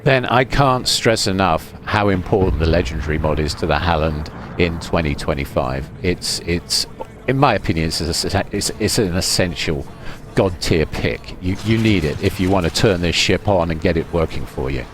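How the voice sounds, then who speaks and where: A man giving relaxed, rambling voice-over commentary on his own gameplay, with fillers and restarts. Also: sits low, moderate pace, slight background noise. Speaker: gaming commentator.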